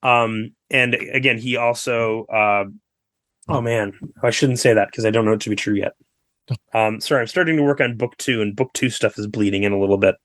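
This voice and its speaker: A man's voice: lowish voice, no room sound, clean studio sound. A man, a guest author, telling history stories in a casual podcast interview, full of asides and fillers. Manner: storytelling, animated, quick asides and fillers.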